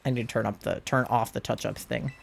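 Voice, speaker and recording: A young man streaming a game live, gushing excitedly and cooing over cute creatures in casual commentary. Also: mid-range voice, fast talker, gravelly.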